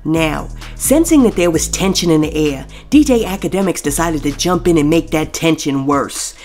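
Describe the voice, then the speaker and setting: A woman's voice: sits low, animated, normal speed, darkish tone, soft background music. A woman hosting a celebrity gossip show. She talks straight to the viewers and reads posts aloud, spelling out the censored swear words. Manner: chatty, addresses viewers directly. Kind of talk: scripted gossip commentary.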